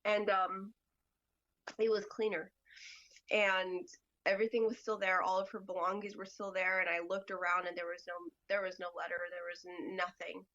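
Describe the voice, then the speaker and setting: A woman guest on a podcast, telling a personal story in a halting way, full of "like" and "you know". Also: medium pitch, level tone, fairly bright tone, muffled recording.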